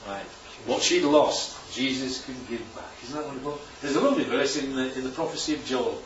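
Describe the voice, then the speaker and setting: A man's voice: mid-range voice, a little fast, a little hiss or hum. A man preaching informally to a congregation, often asking "right?" and "isn't that lovely?". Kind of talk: informal church talk with slides. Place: church hall. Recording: roomy, distant and dull church recording.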